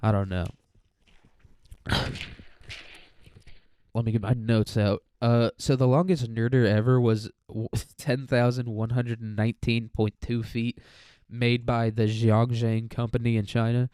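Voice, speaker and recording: A man's voice: mid-range voice, flat delivery, unhurried, pauses often, warm tone, clean tone, no room sound, studio quality. A young man in a casual solo podcast monologue who rambles and swears and laughs often, sounding mentally tired. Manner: rambling, crude, laughs a lot. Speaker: student podcaster.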